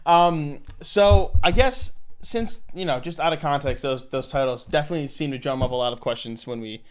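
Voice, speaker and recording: A man's voice: fairly high pitch, normal speed, smooth. A young man from Buffalo, New York, co-hosting a casual movie chat with dry, teasing jokes. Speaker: co-host.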